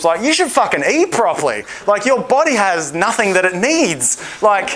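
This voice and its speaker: A man's voice: sits high, very animated, moderate pace, a bit bright. A young Australian man giving a seminar talk as a dating coach, blunt and profane, acting out quotes in a livelier voice. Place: seminar room.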